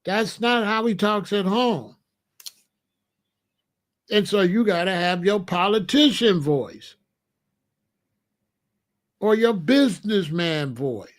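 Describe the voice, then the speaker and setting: A man's voice: high-pitched, animated, slow pace, long pauses. A middle-aged man from the United States telling a story in a casual monologue, repeating phrases for emphasis. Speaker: commentator.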